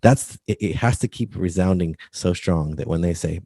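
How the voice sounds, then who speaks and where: A man's voice: sits low, moderate pace, few pauses, dark tone, breathy edge, dry recording. A man as a podcast guest, explaining earnestly how books should lead readers to one step. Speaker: guest, book coach. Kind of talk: podcast interview.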